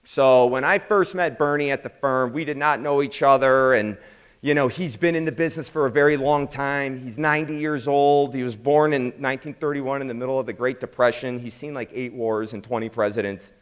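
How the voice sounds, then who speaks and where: A man's voice: mid-range voice, fairly quick, smooth. Casual Chicago man telling stories. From Chicago, South Side. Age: 30s. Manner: casual, acts out quoted dialogue, "I'm like" asides. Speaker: founder and lead instructor. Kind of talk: storytelling presentation to students.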